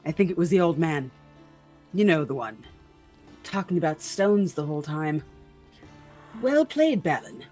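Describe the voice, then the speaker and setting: A woman voicing a brash, showy bard who curses and boasts, then slips into sly musing. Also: fairly high pitch. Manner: excitable, swearing, drops into sly musing. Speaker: player.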